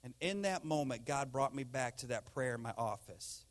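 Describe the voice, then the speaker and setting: A man preaching a sermon, animated, swinging between loud rising lines and hushed intense ones. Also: medium pitch, a little fast. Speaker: pastor.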